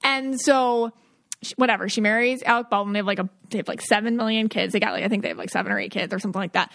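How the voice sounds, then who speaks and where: A woman's voice: medium pitch, steady tone, rapid-fire, gravelly, fairly bright tone. A woman hosting a podcast, chatting casually and telling a rambling story with lots of fillers. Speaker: podcast host, psychic. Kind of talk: casual chat.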